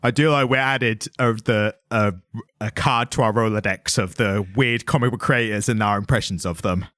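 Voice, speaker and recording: A man's voice: on the low side, moderate pace, a bit bright, no echo. A man co-hosting a comic book podcast in casual chat, rambling with many restarts and voicing his own past thoughts. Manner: rambling, restarts mid-sentence, quotes himself in voices. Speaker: podcast co-host.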